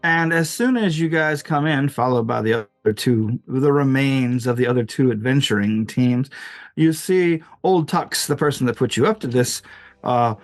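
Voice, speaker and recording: A man narrating as game master of a tabletop game, lively and chuckling, with many fillers. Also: medium pitch, normal speed, dry recording, faint music behind.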